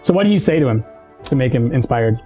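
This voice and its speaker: A man running a tabletop game as game master, laughing often and jumping into excited character squeals. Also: mid-range voice, quick pace, soft background music.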